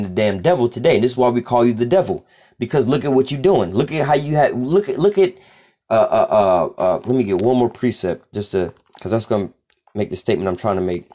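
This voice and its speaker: A man teaching scripture casually, reading verses aloud slowly and commenting bluntly with street profanity. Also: medium pitch, darkish tone. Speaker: religious teacher.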